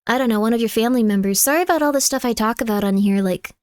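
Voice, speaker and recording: A woman streaming from home, chatting casually with her viewers, reading their messages aloud and cooing softly to her cat. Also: on the high side, racing, smooth, dry recording, studio quality. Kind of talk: casual live-stream chat. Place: home room.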